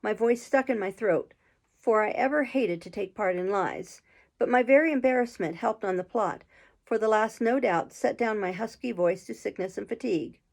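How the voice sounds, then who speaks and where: A woman reading a classic adventure novel aloud in a steady, measured storytelling voice. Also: mid-range voice, gravelly.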